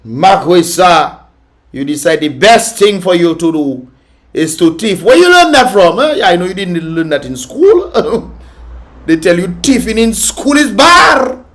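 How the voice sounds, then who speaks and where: A man's voice: high-pitched, big pitch swings, measured pace, a bit bright. Male vlog host, raised voice, scolding reaction commentary. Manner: scolding, mocking and laughing often.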